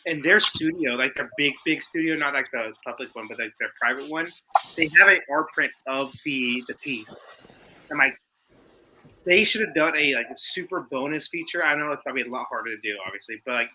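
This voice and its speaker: A man who collects figures, talking in a casual, excitable and rambling way. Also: mid-range voice, fairly quick, background noise. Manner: excitable, rambling, says "like" a lot. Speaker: collector co-host. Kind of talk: casual chat.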